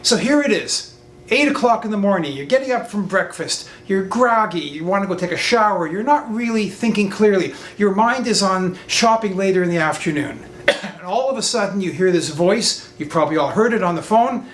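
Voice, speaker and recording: Lawyer guy teaching on a video call, high voice, emphatic, echoey room. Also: lively intonation, a little fast, a bit bright. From Canada. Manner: emphatic, repeats warnings, acts out quotes. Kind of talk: online class lecture. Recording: roomy sound with faint rumble.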